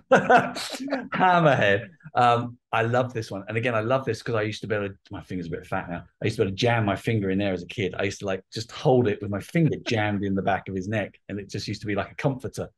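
A man's voice: on the low side, racing, hardly any pauses. A middle-aged man telling stories in a casual interview chat, acting out voices from his childhood. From England. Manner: animated storyteller, acts out childhood voices. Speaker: guest artist.

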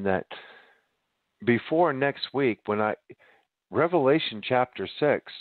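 A man's voice: on the low side, dry recording. Winded preaching man on a tinny line. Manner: emphatic, addresses listeners as ladies and gentlemen. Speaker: podcast host. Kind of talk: preaching monologue.

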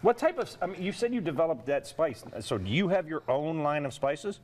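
Lively male show host. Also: on the high side, fairly quick, slight background noise. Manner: animated, asks questions and interjects. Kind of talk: casual cooking show chat.

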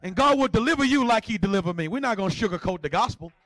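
A man preaching a lively sermon as pastor, joking with the congregation and swinging between shouts and hushed asides. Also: sits high, racing, no echo.

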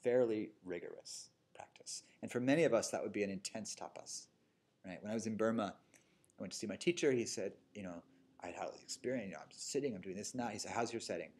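A man's voice: on the low side, fast talker, a little mellow, slightly rough. A man meditation teacher giving a casual dharma talk in a yoga studio, telling stories and checking in with "right?" and "you know". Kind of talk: dharma talk to a live group. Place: yoga studio with a seated audience.

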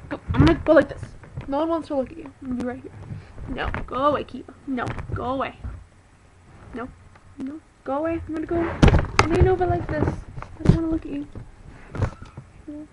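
A woman's voice: high voice, steady tone, fairly quick, pauses often, noisy background. A woman vlogging to her webcam at home, rambling and chatty, exasperated with her pet. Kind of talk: casual talk to a webcam.

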